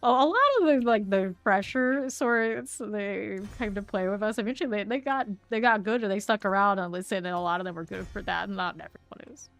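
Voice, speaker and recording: Gravelly-voiced woman streaming a game. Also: mid-range voice, brisk, few pauses, soft background music. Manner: chatty, thinks aloud while sorting loot. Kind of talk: casual gameplay commentary.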